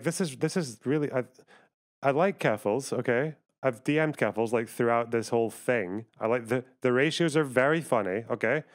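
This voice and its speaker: A young man streaming live, arguing heatedly with his chat in a profane, rambling way. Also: mid-range voice. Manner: profane, argumentative, rapid asides to chat. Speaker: livestreamer.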